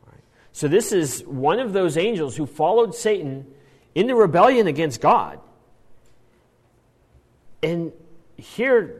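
Lively guy preaching, voice jumps all over, big echoey hall. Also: a little high. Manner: animated, acts out quoted lines, frequent restarts. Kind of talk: expository Bible teaching.

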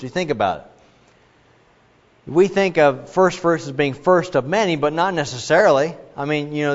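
A man preaching a sermon in an emphatic way, with many asides and restarts. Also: fairly high pitch. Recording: muffled, with long reverb in a large hall.

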